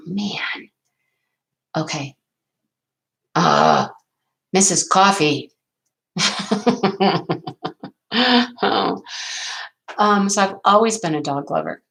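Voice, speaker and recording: A middle-aged woman chats her way through a casual livestream. Her voice sits a little low, and her talk rambles as she reads out and answers viewer comments. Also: poor audio. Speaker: livestream host.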